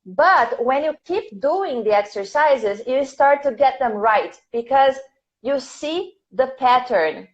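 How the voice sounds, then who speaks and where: A woman with a fairly high voice teaches English in a live online class, speaking very slowly and patiently as she repeats each question. She is a native Portuguese speaker, and her audio sounds dull and lo-fi. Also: expressive. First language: Brazilian Portuguese.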